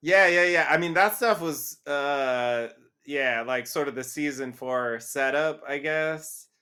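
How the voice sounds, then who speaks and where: A man's voice: on the high side, slow pace, pushed and bright, clear, resonant tone. A man co-hosting a podcast in casual chat, with dry, laid-back banter. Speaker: podcast co-host.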